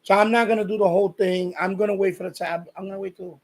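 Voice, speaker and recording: High-voiced man rambling on a stream. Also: fairly even intonation, quick pace. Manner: rambling, repeats himself, reads viewer comments aloud. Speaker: live stream host. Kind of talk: casual chat with live viewers.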